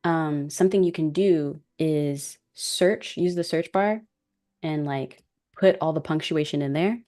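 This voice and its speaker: A woman with African American English chatting casually as a guest creator, relaxed and self-deprecating, laughing often as she explains. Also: low-pitched, a little slow. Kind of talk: casual tutorial chat.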